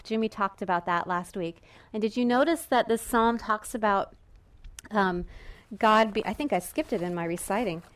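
Woman pastor preaching, animated and chatty, slightly high voice. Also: moderate pace, clean tone. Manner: lively and conversational, acts out voices of Israelites and God. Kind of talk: sermon.

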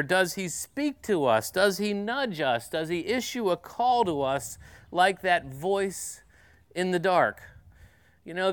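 A male pastor preaching in a relaxed, conversational way, pausing with fillers as he tells stories. His voice sits a little high for a man and sounds smooth and clear. The recording is dry and close. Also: no room sound. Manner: conversational storytelling with filler pauses. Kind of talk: sermon.

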